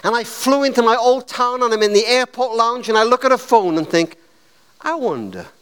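A man preaching a sermon, telling stories in a dramatic, animated way. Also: very high-pitched, brisk, smooth, big-room sound. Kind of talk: sermon with storytelling.

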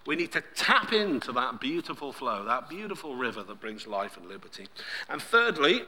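A man preaching a sermon, swinging between loud emphasis and near-whispered softness. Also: medium pitch, sing-song, moderate pace. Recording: long hall reverb.

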